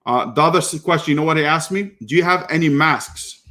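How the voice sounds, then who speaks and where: Animated man telling business stories. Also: fairly high pitch, a little fast. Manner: animated storyteller, many restarts, voice rises when annoyed. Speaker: online business educator. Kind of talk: casual talk to camera.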